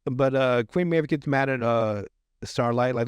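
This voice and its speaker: With a smooth, mid-range voice, a steady tone, and normal speed, a man hosts a podcast and casually goes over a TV episode. He rambles with many fillers and restarts and laughs often, and the recording carries no room sound.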